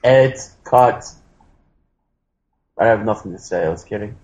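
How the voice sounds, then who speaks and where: A man's voice: on the low side, measured pace, a little mellow, dull audio. A man co-hosting a casual comedy podcast, brash and swearing a lot.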